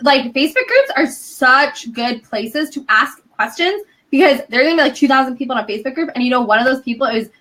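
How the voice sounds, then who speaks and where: A woman guest in a casual podcast chat, telling stories in a chatty, animated way with lots of "like". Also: high-pitched, fast talker, few pauses. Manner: chatty, animated storytelling with frequent "like" and laughs.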